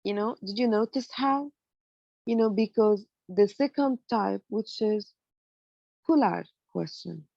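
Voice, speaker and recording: A woman's voice: medium pitch, measured pace, gravelly, dark tone, no room sound, lo-fi sound. Woman teaching English grammar. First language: Arabic. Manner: explains in English mixed with Arabic, many fillers. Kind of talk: online lecture.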